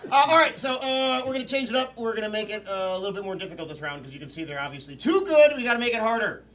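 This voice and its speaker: A man hosting a live improv comedy show, briskly joking and taking suggestions from the audience. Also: sits high, expressive, a bit bright, distant mic. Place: comedy theater stage. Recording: live room, off mic, audience.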